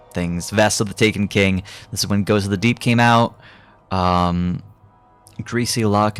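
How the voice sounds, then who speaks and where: A man's voice: deep voice, clear, resonant tone. A young adult man giving a casual, rambling gaming commentary, swearing freely and filling his talk with ums and uhs. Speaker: gaming YouTuber.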